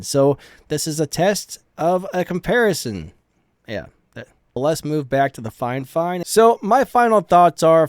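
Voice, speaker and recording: A man's voice: a little high, a little mellow, smooth, dry recording. A man giving a casual, upbeat product review of audio gear, talking into studio microphones. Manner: casual, upbeat, plain-spoken. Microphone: studio condenser and dynamic mics.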